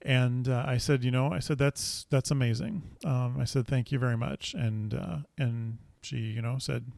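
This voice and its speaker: Casual male storyteller, gravelly and halting, full of fillers, recorded dry. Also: mid-range voice, steady tone, a little mellow, no echo. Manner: rambling, full of fillers and restarts.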